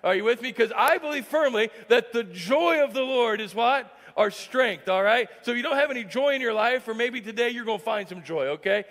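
A man's voice: extremely high pitch, expressive, brisk, few pauses, a bit bright, long reverb tail. A man preaching a sermon as pastor, joking with the congregation and often asking "all right?". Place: church sanctuary.

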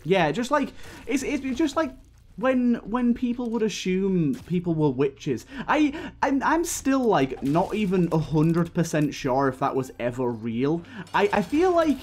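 A man's voice: on the high side, a little mellow. A man giving casual, rambling gameplay commentary as a YouTuber, laughing often and restarting his sentences, with hiccups. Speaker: gaming YouTuber.

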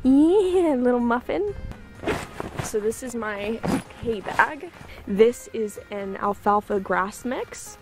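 A woman's voice: medium pitch, slow pace, soft background music. A young woman filming a casual travel vlog, chatty and tired, swearing freely. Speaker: vlogger. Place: in a car and at a horse stable.

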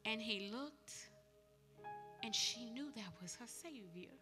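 A woman preaching a live sermon in church, shouting fervent declarations and prayers. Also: on the high side, lively intonation, slow, long reverb tail, over music.

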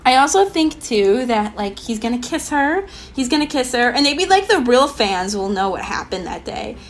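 A young woman hosting a let's play, chatting in a bubbly, excitable way full of "like" and "um". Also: on the high side, normal speed, slight background noise. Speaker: gaming channel host. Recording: light background music.

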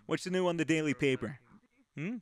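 A man's voice: on the high side, fairly quick. A man hosting a casual game chat, teasing and needling another player and swearing freely. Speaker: YouTuber host.

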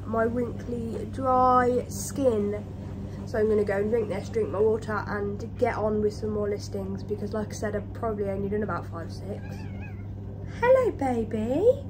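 A young British woman chatting casually in a home vlog, out of breath and talking to her pets. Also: medium pitch. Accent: British English. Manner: chatty, talks to pets in baby voice. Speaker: vlogger. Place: home kitchen. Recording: noisy home recording. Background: washing machine and tumble dryer running.

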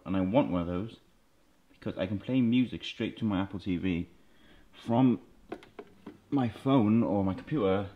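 A man's voice: on the low side, lo-fi sound. A man casually showing off his gaming setup in his room at home, talking in a laid-back, rambling way. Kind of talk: casual show-and-tell.

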